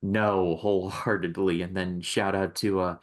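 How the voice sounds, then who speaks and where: A man's voice: sits low, flat delivery, measured pace. A man hosting a casual podcast, rambling with lots of fillers and restarts. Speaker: podcast host. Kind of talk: casual chat.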